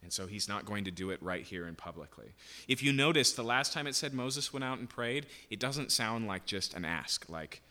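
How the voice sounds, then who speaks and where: A man's voice: lowish voice, animated, moderate pace, pushed and bright. A man teaching a Bible passage verse by verse in a conversational way, often checking in with "okay?" and "right?". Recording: long hall reverb.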